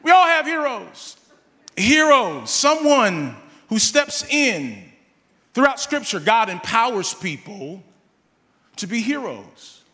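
A man preaching a sermon, telling a personal story with animated delivery and calling on the congregation. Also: high voice, long reverb tail.

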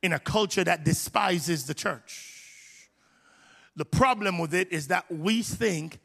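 A man's voice: sits high, takes it slowly, gravelly, a bit bright. A man preaching a sermon from a church stage, in an impassioned, conversational way with repetitions. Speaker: pastor. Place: large church hall. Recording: live sermon in a reverberant hall.

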